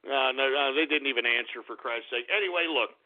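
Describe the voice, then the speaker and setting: A man's voice: mid-range voice, brisk. A man hosting a call-in radio show, ranting in exasperation, stammering and swearing. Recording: phone-like lo-fi radio audio.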